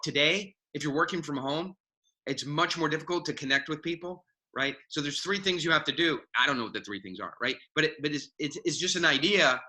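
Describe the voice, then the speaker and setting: Animated bright-voiced man on a call. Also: a little high, poor audio. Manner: animated, self-mocking, acts out quoted voices. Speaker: mentor guest. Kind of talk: casual video call chat.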